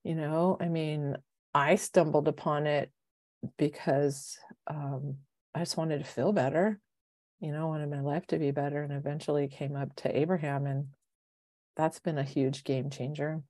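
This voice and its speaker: A woman in her fifties, co-hosting a podcast as a life coach, telling stories with lively quoted voices. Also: deep voice, measured pace, no echo. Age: 50s. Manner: animated storyteller, acts out quoted voices. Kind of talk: casual chat. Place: home, city.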